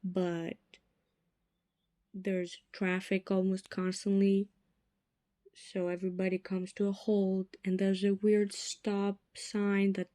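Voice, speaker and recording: Slow, mellow-voiced young woman podcasting. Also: mid-range voice, monotone, no room sound, studio quality. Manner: chatty and self-mocking, drops to whispered asides. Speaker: podcast host. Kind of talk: casual solo podcast chat.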